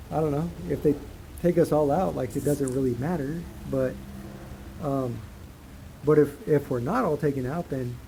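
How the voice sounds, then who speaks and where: A man's voice: mid-range voice, dark tone, a little hiss or hum, low-quality recording. A man giving a casual, impassioned opinion monologue, rambling and emphatic as he makes his points. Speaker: commentary channel host.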